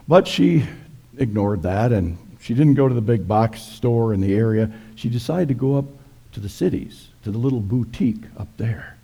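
Brief: male pastor, folksy joking sermon, gravelly and husky, dark mellow tone. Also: mid-range voice.

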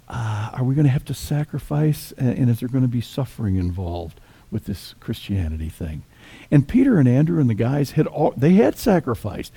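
A man's voice: mid-range voice, vocal fry, warm tone, slightly rough. A male pastor giving a conversational sermon that mixes stories and humor.

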